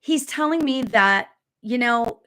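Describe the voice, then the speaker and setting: A middle-aged woman giving a live spiritual reading, chatty and giggly, full of fillers and quick asides, sometimes dropping to a whisper. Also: on the high side, lively intonation, sharp tone. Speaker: spiritual medium. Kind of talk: live reading, casual chat.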